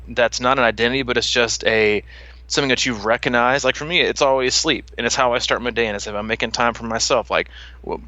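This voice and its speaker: Casual male podcast host, 30s, bright and animated, dry lo-fi mic. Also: medium pitch, no room sound. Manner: animated, laughing, lots of "like" fillers. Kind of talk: casual chat.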